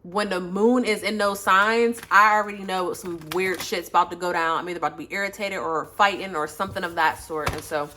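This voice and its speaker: A woman's voice: on the low side, steady tone, fairly quick, hardly any pauses, bright, forceful tone, a little hiss or hum. A woman giving a casual tarot reading into her phone, chatty, blunt and slangy, with lots of profanity. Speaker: tarot reader. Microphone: phone, face off camera.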